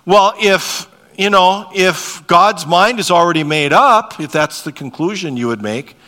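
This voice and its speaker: Bright-voiced pastor in a reverberant church. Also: male voice, high voice, unhurried. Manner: conversational, asks the congregation questions by name; reads dialogue with lively shifts. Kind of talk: sermon with scripture reading. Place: church sanctuary. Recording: long hall reverb.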